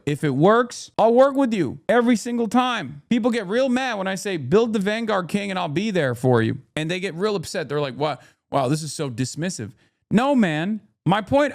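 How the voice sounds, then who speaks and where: A man ranting on his live stream, heated and profane, swinging between loud outbursts and low mutters.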